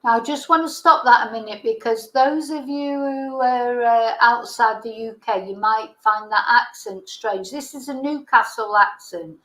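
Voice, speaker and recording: A woman's voice: fairly high pitch, normal speed, hardly any pauses, a bit bright. Chatty woman host in a roomy room. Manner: chatty, hesitant, with ums and restarts. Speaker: livestream host. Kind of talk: casual true-crime livestream narration.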